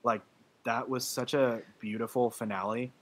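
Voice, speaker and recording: A man's voice: mid-range voice, fairly even intonation, normal speed. A man co-hosting a movie podcast, talking in an emotional, laughing way in casual chat. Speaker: podcast co-host.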